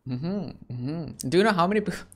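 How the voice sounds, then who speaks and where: A man's voice: on the high side, lively intonation, moderate pace. A young man from India with an Indian accent, chatting casually with strangers on a video chat site, friendly, with frequent mm-hmms. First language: not English.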